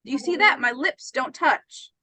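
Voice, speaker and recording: A woman's voice: high-pitched, animated, moderate pace, bright, forceful tone, no echo, poor audio. A woman teaching an English pronunciation lesson, patient and often checking that her students understand.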